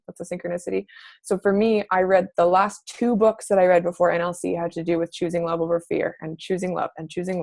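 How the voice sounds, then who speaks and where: A woman's voice: fairly low pitch, darkish tone, no echo. A woman fitness coach talking to her team on a video call, casual and gushing, full of "like". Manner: casual and gushing, says "like" often.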